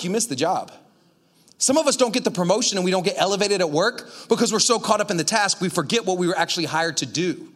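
A male pastor preaching a casual sermon, energetic and chatty with lots of asides to the congregation. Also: high-pitched.

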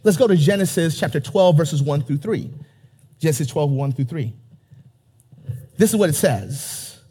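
Man, pastor, sermon in church, high voice, husky tone, emphatic, calls to the congregation. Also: lively intonation, normal speed, dark tone.

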